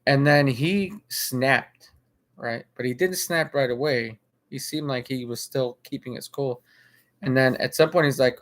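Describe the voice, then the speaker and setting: Speaking a little slowly, this male vlogger has a mid-range, slightly bright voice. He chats about a video he saw, wandering through filler, restarts, and repetitions.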